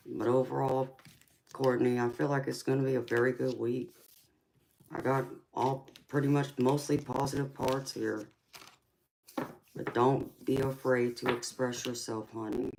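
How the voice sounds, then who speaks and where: A woman's voice: extremely low pitch, vocal fry, darkish tone, slight background noise, low-quality recording. Sweet-talking woman tarot reader. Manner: affectionate, calls viewers sweetheart and honey. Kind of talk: live-stream tarot reading and chat.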